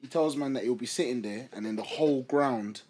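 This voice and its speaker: A man's voice: medium pitch, a little fast, husky. A man chatting casually in a group, telling stories and acting out other people's voices. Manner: animated storyteller, acts out quoted voices.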